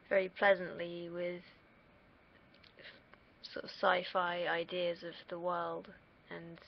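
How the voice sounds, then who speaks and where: A young woman talks straight to camera in a loose, wandering monologue. Her voice is full of vocal fry, and she swears casually and puts herself down. The sound is a bit dull and lo-fi. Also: lowish voice. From United Kingdom. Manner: rambling, self-deprecating, swears freely. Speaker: vlogger. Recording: dull lo-fi recording.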